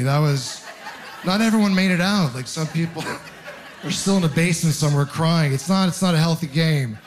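A man in his thirties from Ontario doing a stand-up comedy set, telling stories with animated, acted-out voices. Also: on the high side, slight background noise. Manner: animated storytelling, acting out voices. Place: comedy club stage with audience.

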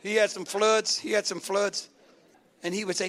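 A middle-aged male pastor preaching a sermon with call-and-response, rising to shouts. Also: very high voice, lively intonation, moderate pace, gravelly.

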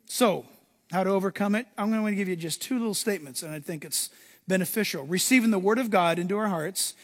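Man, pastor, sermon, high voice, animated, reverberant hall. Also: quick pace.

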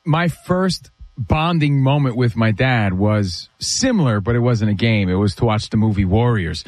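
A man's voice: mid-range voice, animated, normal speed, darkish tone, no echo. A man co-hosting a casual sports talk show, teasing his co-host and making emphatic points.

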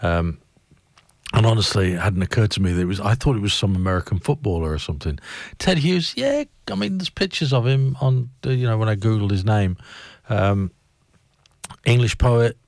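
A man's voice: lowish voice, lively intonation, brisk, vocal fry, darkish tone, no room sound, studio quality. A man hosting a radio show, rambling wryly in casual chat, often breaking off and restarting his sentences. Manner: rambling, wry, self-interrupting. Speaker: radio host.

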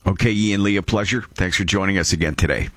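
A man hosting a radio talk show, with brisk, plain wrap-ups. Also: sits low, a bit bright. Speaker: radio host.

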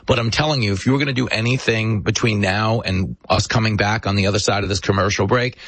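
A man hosting a political commentary show, talking in an emphatic, sarcastic and animated way. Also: fairly low pitch, quick pace, slightly rough, no room sound. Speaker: talk show host.

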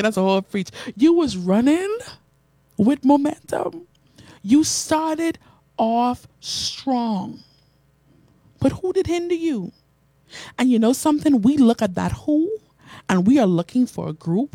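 Animated woman preaching, mellow and dry. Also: a little high, dry recording. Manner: animated preaching, repeats phrases, reads out comments. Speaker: radio and online preacher host. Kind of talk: sermon.

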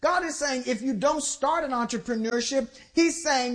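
Woman, preacher, sermon, high voice, call-and-response, slow stresses and quick bursts. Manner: exhorting, call-and-response with the congregation.

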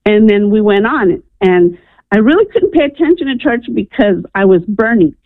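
A woman's voice: medium pitch, moderate pace, dry recording. Woman caller telling her story over a tinny phone line. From New Mexico, USA. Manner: earnest, animated storyteller acting out voices. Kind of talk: personal story told on a call-in show.

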